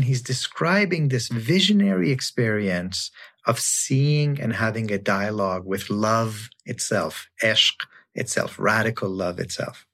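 A guest scholar talks thoughtfully and slowly in an online interview, his pitch lively. At times he reads lines of poetry in a hushed voice.

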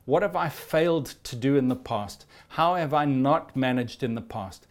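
A middle-aged pastor preaches with earnest conviction, posing questions to his listeners. His voice sits at an ordinary middle pitch for a man. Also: moderate pace. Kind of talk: sermon.

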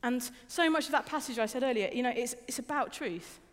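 A woman's voice: on the high side, fairly quick, fairly bright tone. A young adult woman giving a conversational sermon, informal and personal, often repeating words and asking the listeners questions. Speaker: preacher. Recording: reverberant hall.

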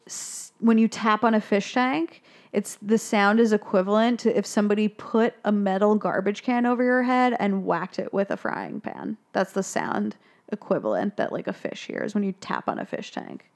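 A young woman co-hosting a podcast, chatting casually as she recaps a film, swearing freely and bursting into high voices for the characters' lines. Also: lively intonation, moderate pace. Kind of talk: casual chat.

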